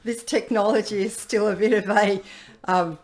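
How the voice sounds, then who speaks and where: A woman leading an online workshop over a video call, lively and playful, acting out what people think to themselves. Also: mid-range voice, moderate pace. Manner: lively, playfully acts out people's inner dialogue. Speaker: workshop facilitator.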